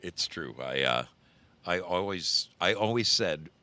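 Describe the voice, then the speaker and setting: A man's voice: sits low, lively intonation, unhurried. A man in his sixties hosting a casual live stream, greeting viewers and telling rambling road stories. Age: 60s. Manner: rambling storyteller, greets chat viewers warmly by name. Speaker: livestream host.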